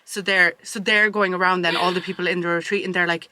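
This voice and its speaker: A woman's voice: fairly low pitch, fast, no echo. A young woman in her twenties, co-hosting a podcast and telling stories in casual chat. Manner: chatty storyteller, animated retelling. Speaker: podcast co-host.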